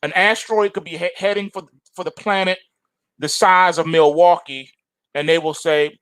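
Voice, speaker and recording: A middle-aged man with a slightly raised pitch rants forcefully, hammering the same points again and again. He hosts a trading show and talks straight into a dry, close microphone with no room sound. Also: steady tone, moderate pace, clean tone, dry recording, poor audio. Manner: forceful, repetitive ranting. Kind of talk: opinionated monologue.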